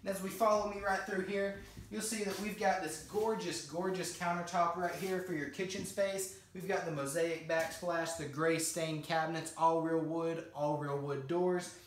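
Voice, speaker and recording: A man's voice: a little high, steady tone, normal speed, roomy sound, a little hiss or hum, rough recording. A man giving an enthusiastic sales walkthrough of a small cottage, talking straight to the viewers. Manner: upbeat, salesy, keeps addressing viewers as guys. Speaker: home tour presenter. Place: inside a small manufactured cottage.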